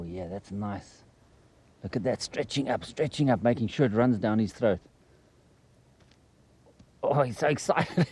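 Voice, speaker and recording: A man's voice: lowish voice, breathy edge. Chatty man presenting outdoors in a desert. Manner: lively, chatty, coaxing an animal. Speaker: wildlife photographer presenter. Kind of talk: on-location documentary presenting.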